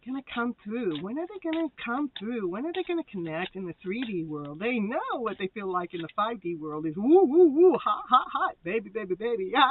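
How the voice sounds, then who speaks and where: A woman's voice: a little high, slightly rough, no room sound. Playful tarot-reading woman on a tinny line. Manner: chatty and playful, breaks into giggles and sing-song "woo"s. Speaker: tarot reader and host. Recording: tinny phone-like sound with faint noise.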